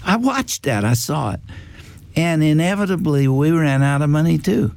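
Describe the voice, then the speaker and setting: An older man telling a family story in a reflective faith talk, with pauses and fillers. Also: on the high side, animated, creaky, darkish tone, dry recording. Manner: slow, reflective, with fillers and quoted dialogue. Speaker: guest.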